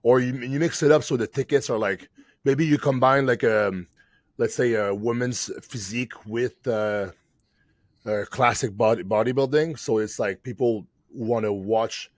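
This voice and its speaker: A man's voice: mid-range voice, measured pace, no room sound, clean studio sound. Rambling man in casual podcast talk. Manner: rambling, many fillers.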